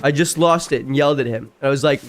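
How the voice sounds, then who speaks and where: A male streamer reading online stories aloud and reacting casually between lines, chatty, with loud outbursts that leap high in pitch. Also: quick pace, faint music behind.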